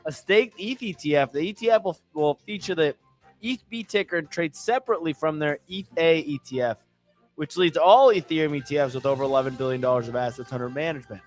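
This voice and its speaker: A man's voice: a little high, quick pace, soft background music. A man co-hosting a casual crypto podcast, reading market news with brash, sarcastic asides and casual swearing. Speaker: podcast co-host.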